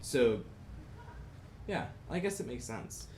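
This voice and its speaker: A man's voice: medium pitch, very animated, slow pace, a little mellow, slight background noise. Young male composition student thinking aloud. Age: 20s. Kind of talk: private lesson discussion. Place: university music lesson room.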